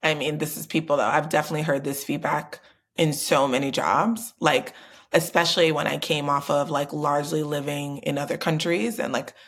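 A woman hosting a podcast, relaxed and conversational, asking long rambling questions. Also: low voice, normal speed. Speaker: podcast host. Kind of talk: casual podcast interview.

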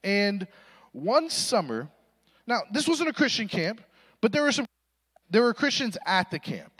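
A man's voice: high voice, big pitch swings, measured pace, a bit bright, husky. A young adult man giving a sermon, telling a funny story and acting out voices in a self-deprecating way. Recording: reverberant hall recording.

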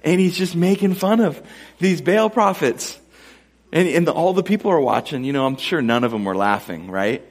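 A man's voice: on the high side, lively intonation, normal speed, husky. Joking, conversational male preacher. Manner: conversational, joking asides to the congregation. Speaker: pastor. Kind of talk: sermon. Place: church before a live congregation.

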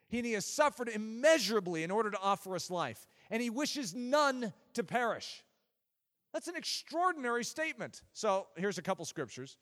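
Male preacher, high lively voice, emphatic sermon delivery, echoing hall. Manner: animated, emphatic preaching with sudden drops to a low voice.

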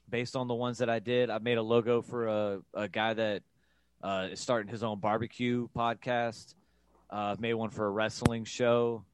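A man's voice: medium pitch, no echo. A young man guesting on a podcast, joking and self-mocking in casual chat.

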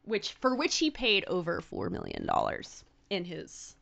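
A woman hosting a podcast, recapping a story in casual, profane, animated chat. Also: lowish voice, a little slow, creaky, lo-fi sound, a little hiss or hum. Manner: animated, profane, breaks into laughter. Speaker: podcast host.

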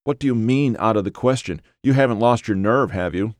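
A high, raspy cult member who sounds strained and always on the edge of erupting, as a male narrator puts him on. He is pitched well above the reader's own low voice. The audiobook recording is dry and close. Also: expressive, unhurried, a little mellow, no echo. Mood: challenging.

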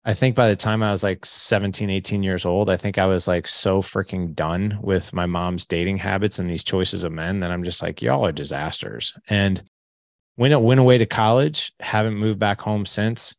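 A man in his late forties shares his life story as a podcast guest. His voice is deep with a gravelly edge, and he acts out the conversations as he goes. The sound is close and dry. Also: normal speed, dry recording. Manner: candid, animated storyteller who acts out dialogue. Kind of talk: storytelling in an interview.

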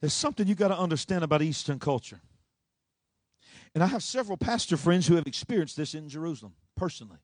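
A pastor preaching a sermon, swinging between shouting and a low, rhythmic delivery. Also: male voice, animated, fast, no room sound.

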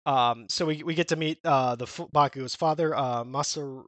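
A man's voice: mid-range voice, a bit bright, dry recording. A man co-hosting a podcast, chatting casually and rambling with fillers and restarts. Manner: rambling, many fillers and restarts, quick quoted character lines. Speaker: podcast co-host. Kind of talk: casual chat recapping a manga.

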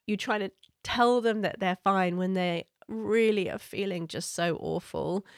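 Low-ish calm woman coaching parents, gentle and earnest, dry close sound. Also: no echo. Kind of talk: parenting advice talk.

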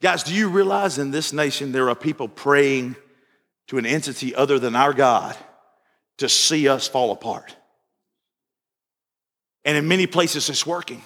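A man's voice: medium pitch, unhurried, long pauses, a bit bright, big-room sound. A man preaching a sermon as pastor, exhorting his congregation and retelling stories in voiced quotes.

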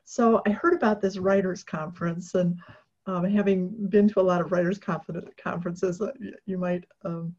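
Woman, husky voice, casual storytelling, animated, many fillers, muffled lo-fi sound. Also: lowish voice, normal speed. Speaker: interview guest, author. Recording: dull lo-fi recording.

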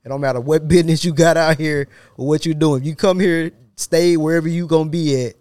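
A man's voice: on the high side, fairly even intonation, fairly quick, darkish tone, no echo. Blunt, joking man on a podcast. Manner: joking, blunt, breaks into laughter. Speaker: podcast co-host. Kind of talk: casual podcast chat.

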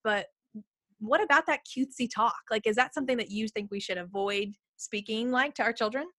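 A woman's voice: fairly high pitch, fairly quick, a bit bright. A woman in her thirties hosting a podcast, chatty and enthusiastic, with many casual fillers. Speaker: podcast host.

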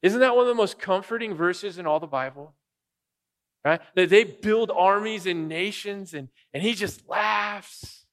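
Male pastor, sermon, slightly high voice, conversational, joking, questions to the crowd. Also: measured pace, fairly bright tone. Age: adult father of young children.

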